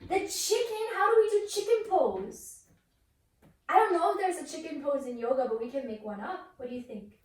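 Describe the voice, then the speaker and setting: A woman's voice: high-pitched, expressive, moderate pace, a little mellow. A young woman leads a yoga class with a toddler at home, coaxing the child in a sing-song voice. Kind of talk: playful class led with a toddler. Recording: roomy echo, voice from far off the mic.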